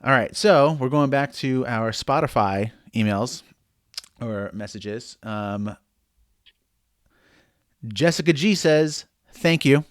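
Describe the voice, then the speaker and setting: A man's voice: mid-range voice, expressive, slow, pauses often, no room sound, studio quality. A man co-hosting a casual book-club podcast, joking, swearing and reading listener messages aloud. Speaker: podcast co-host.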